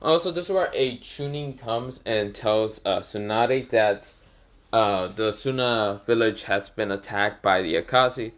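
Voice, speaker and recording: A man's voice: lowish voice, a little slow, a bit bright. A man narrating an improvised fan story, rambling with lots of fillers and self-corrections.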